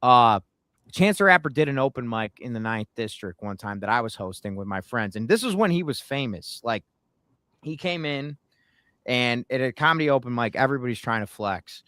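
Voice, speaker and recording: A man telling stories in a casual chat, animated and growing heated when riled. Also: mid-range voice, normal speed, no echo, clean studio sound.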